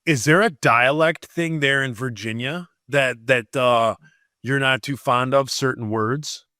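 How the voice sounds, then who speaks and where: A man co-hosting a podcast in casual chat, wry and a bit halting. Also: mid-range voice, sharp tone, no echo, clean studio sound. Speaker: podcast co-host.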